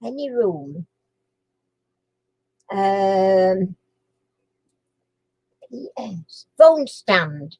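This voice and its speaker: A woman's voice: medium pitch, very animated, very slow, pauses often, darkish tone, breathy edge, no echo, rough recording. A chatty woman, hosting a casual live chat and quiz stream, giggling and cooing to her dog between guesses.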